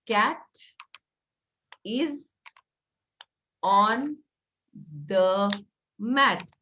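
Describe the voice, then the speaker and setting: A woman's voice: fairly high pitch, highs cut off. Indian English woman teaching early phonics. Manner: warm, enthusiastic, slows down to model words and sentences. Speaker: early-years educator and author. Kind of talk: talk for parents.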